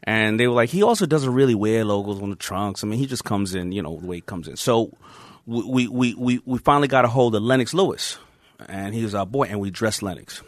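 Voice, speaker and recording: A man telling stories as a podcast guest, lively and laughing, with casual swearing. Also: fairly low pitch, a little fast, no echo, clean studio sound. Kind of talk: animated storytelling.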